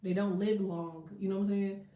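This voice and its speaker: A woman's voice: mid-range voice, flat delivery, normal speed, recorded from a distance, lo-fi sound. A woman chatting casually on a livestream, telling stories with lots of swearing and laughter. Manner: profane, candid storytelling with laughter. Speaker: tarot and astrology reader. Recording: echoey room, voice set back from the mic.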